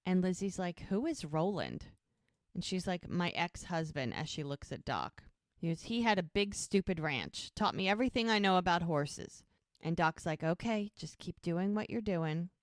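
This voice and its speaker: Podcast co-host, a woman with a lower voice, chatty episode recapper, dry close sound. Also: no echo. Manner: animated retelling, brief quoted character voices. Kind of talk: casual chat, retelling scenes.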